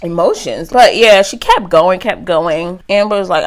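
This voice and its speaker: A woman's voice: on the low side, measured pace, few pauses. Chatty, slangy young woman reviewer. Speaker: YouTube reviewer. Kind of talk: casual recap commentary.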